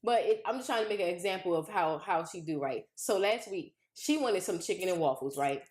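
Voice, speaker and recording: A woman's voice: on the low side, animated, fairly quick, a little mellow. A woman co-hosting a casual podcast, chatting and telling family stories with quoted dialogue. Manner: conversational, tells family anecdotes, quotes her mother. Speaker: podcast co-host. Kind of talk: casual chat. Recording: roomy echo.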